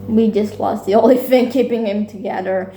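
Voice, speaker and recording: A woman's voice: mid-range voice, steady tone, mellow. Rambling young woman recapping a musical. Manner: rambling, swearing, with quick put-on character voices. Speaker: vlogger. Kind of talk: casual plot recap. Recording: echoey room with faint music.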